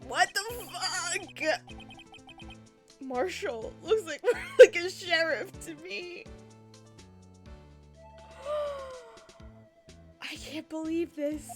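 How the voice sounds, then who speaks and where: A woman streaming a video game, reading its lines aloud and reacting with excitable, swearing commentary. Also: extremely high pitch, very slow, pauses often. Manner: excitable, swearing, laughing often. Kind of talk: let's play commentary, reading dialogue aloud. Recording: game music behind. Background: video game music.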